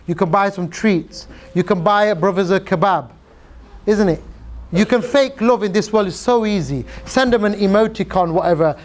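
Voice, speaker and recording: A man with a high-pitched voice delivers a sermon. He tells stories in a lively, informal way, softening his voice for quoted lines, and speaks straight to his listeners. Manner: lively storyteller who acts out quotes in a softer voice; direct and informal, addressing the audience. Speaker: preacher.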